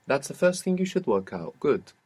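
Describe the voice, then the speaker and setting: A man's voice: mid-range voice, big pitch swings, moderate pace, a little mellow, husky. A man teaching an audio language lesson, patiently prompting his student step by step.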